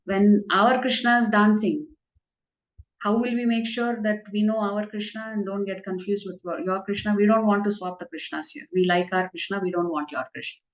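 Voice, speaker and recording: A woman's voice: medium pitch, fairly even intonation, moderate pace, roomy sound, lo-fi sound, natural voice. A woman voicing a group of cowherd girls who tease and defy a worried mother. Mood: playful. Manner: teasing, insistent.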